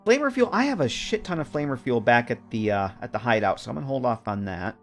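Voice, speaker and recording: A man's voice: mid-range voice, expressive, quick pace, faint music behind. A man streaming a game live, chatting casually with viewers and joking with characters as he plays.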